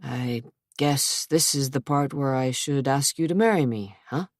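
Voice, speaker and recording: A woman reading aloud, voicing a cocky young man who speaks in a low, offhand way. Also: a little slow, no room sound, clean studio sound. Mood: hesitant.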